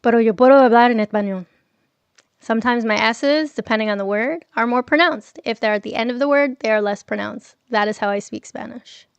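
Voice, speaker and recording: A woman's voice: fairly high pitch, a little fast, gravelly, clean tone, no echo, lo-fi sound. A woman hosting a casual morning livestream from home, chatting with viewers and reading their messages aloud, laughing often. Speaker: livestream host.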